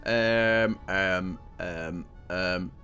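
A young man commentating on his own gameplay, loud and joking, laughing and swearing as he plays. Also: sits low, drawn-out words, smooth, soft background music. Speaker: gaming video host. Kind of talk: let's play commentary.

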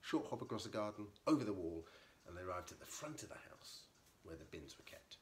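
Low-voiced guy reading a kids story, lots of pitch swings, faint hiss. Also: fairly quick. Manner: lively, expressive. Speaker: narrator, author.

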